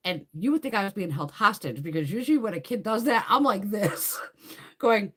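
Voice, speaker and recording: Brief: woman beauty streamer, bouncy pitch, blunt and crude, animated storyteller. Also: brisk, slightly rough. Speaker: beauty livestream host. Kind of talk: casual live chat while doing makeup.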